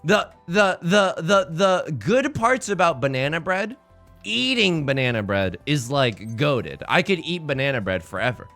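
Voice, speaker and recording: Male streamer, casual game commentary, rambling jokes, bright sharp tone, faint music behind. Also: a little high, sing-song, a little slow. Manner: jokey, rambling, repeats his own phrases; greets chat by name mid-sentence. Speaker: live streamer.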